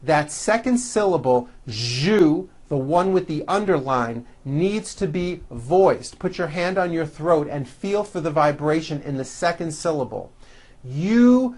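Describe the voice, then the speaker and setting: An English pronunciation teacher, leading drills and reading practice sentences in a deliberate, carefully articulated way. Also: mid-range voice, lively intonation, darkish tone. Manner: slow, deliberate, clearly articulated drilling of words. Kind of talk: recorded English pronunciation lesson.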